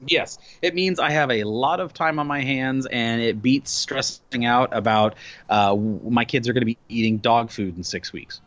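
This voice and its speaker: A man's voice: mid-range voice, moderate pace, a bit bright, no room sound. A man in his thirties chats loosely on a podcast, piling up fillers and jokes as he rambles. His voice sits in the middle range. The recording is dry and a little dull, like lo-fi. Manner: rambling, filler-heavy, joking. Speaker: podcast co-host. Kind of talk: casual chat. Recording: dry, slightly dull lo-fi sound.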